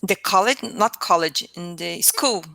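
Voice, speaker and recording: A woman practicing conversation as a language student over a video call, speaking in a halting way as she searches for words. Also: lowish voice, vocal fry, pushed and bright.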